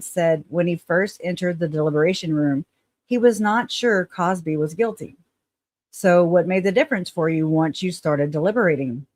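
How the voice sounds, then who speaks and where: A woman's voice: on the low side, a little mellow, dry recording. A woman host with a Southern twang, reading news articles aloud and breaking off into sarcastic asides. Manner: sarcastic asides, reads with stumbles.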